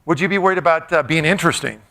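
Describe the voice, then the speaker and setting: High bright man joking with a crowd. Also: racing. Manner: playful, jokey, quizzes the crowd. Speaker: motivational speaker. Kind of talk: live audience talk. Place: large room with a live audience.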